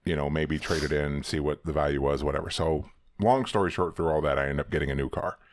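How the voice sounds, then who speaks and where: A man with a very low voice co-hosting a casual podcast, recorded dry and close to the mic. He tells stories in a relaxed, wry way, often restarting his sentences. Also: fast, no room sound. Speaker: podcast co-host. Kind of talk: casual chat.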